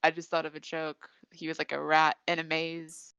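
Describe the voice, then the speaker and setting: Casual chatty woman retelling an episode, lowish voice, dull lo-fi audio. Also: completely flat delivery, moderate pace, vocal fry, a bit bright, clear, resonant tone, no room sound. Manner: chatty storytelling with many fillers. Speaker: podcast host. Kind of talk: casual episode recap chat.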